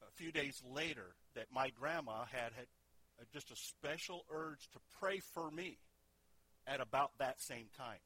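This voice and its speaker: A middle-aged male pastor delivers a sermon in a bright, sharp-edged voice that sits a little high for a man. His delivery is conversational, and he often turns to the congregation with questions. The sound is dry and close, with no room echo.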